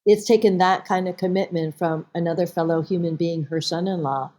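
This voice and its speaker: A woman actress with a slightly low voice and a somewhat quick pace is a guest on a podcast. In this casual interview she tells stories animatedly, acting out bits of dialogue as she goes.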